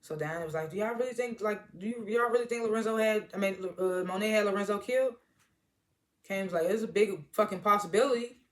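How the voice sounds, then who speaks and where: Recapping a TV episode casually, a woman retells scenes by quoting the characters in slangy language and laughs often. She speaks quickly in a mid-range voice.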